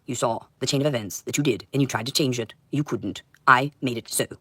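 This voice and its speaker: A woman delivering a rambling livestream monologue in an intense, confrontational way, swinging between loud outbursts and low muttering. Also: fairly quick, breathy edge, dry recording.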